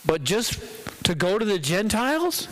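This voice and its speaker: A male pastor giving a conversational, dramatic sermon in a church, with pauses for effect. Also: high-pitched, big pitch swings, a bit bright, low-quality recording.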